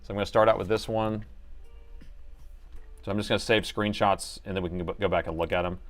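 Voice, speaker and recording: A man's voice: on the low side, fairly even intonation, a little fast, soft background music. A man hosting a laptop repair livestream, chatting casually to viewers and laughing often as he works. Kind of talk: casual live repair chat.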